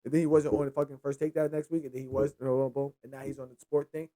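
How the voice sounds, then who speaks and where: A young man hosting a casual solo football recap, rambling and excitable, with frequent profanity. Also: medium pitch, fast. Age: young adult. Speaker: sports show host.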